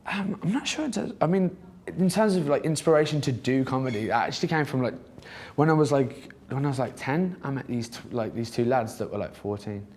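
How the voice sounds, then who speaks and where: A man's voice: medium pitch, lively intonation, fairly quick, hardly any pauses, a little mellow. A young man answering interview questions in a casual, hesitant way, with lots of filler words. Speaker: interview guest, comedian.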